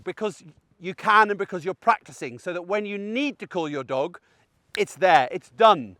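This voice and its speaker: Chatty dog trainer, higher voice. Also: male voice, lively intonation, moderate pace, fairly bright tone, no room sound. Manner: chatty and explanatory, checks in with "okay?". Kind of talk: outdoor training tutorial. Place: outdoors in a field on a dog walk.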